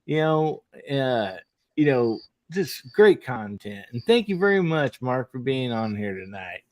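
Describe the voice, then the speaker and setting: A man's voice: mid-range voice, big pitch swings, unhurried, dry recording. A man hosting a casual live podcast, folksy and generous with praise for his guests. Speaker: podcast host.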